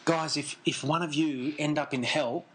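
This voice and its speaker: Guy preaching a sermon, high bright voice, real earnest, keeps repeating himself and checking in with the crowd. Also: steady tone, normal speed, slight background noise, poor audio. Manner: earnest, emphatic, repeats key phrases; conversational asides to the congregation.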